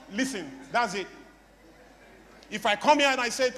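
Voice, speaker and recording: In a large hall, a man with a Nigerian English accent gives a playful motivational talk to a live audience, mimicking broken English for laughs. His voice is very high and a bit bright, with lively intonation at a moderate pace.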